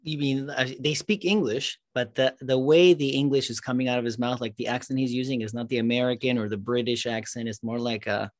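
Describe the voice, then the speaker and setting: A man's voice: mid-range voice, fairly even intonation, brisk, hardly any pauses, no room sound, studio quality. A man in casual chat, asking curious, probing questions with a light, wry edge.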